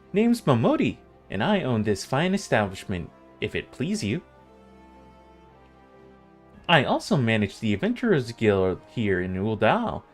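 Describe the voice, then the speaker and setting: A man voicing a wry, motherly female tavern owner and guild master, telling her tale in a slow, drawn-out way. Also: medium pitch. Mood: welcoming. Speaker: streamer reading game dialogue aloud.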